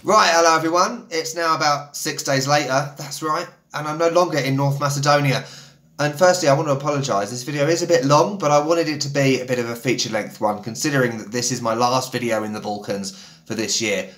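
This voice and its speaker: On the move between the outdoors and a restaurant, a man holds up his phone and narrates a chatty, upbeat travel vlog peppered with ums and laughs. His voice is medium-pitched, fairly bright and a little fast.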